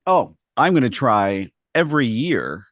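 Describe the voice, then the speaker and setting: A man co-hosting a casual podcast, who talks in an animated way and acts out the voices in his stories. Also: mid-range voice, measured pace, no room sound. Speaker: podcast co-host.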